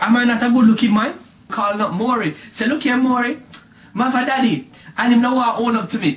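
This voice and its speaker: High-voiced Jamaican man ranting comically. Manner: animated, mocking, drifting into sing-song. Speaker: comedy vlogger. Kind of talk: ranting comic monologue to camera. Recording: echoey room with faint music.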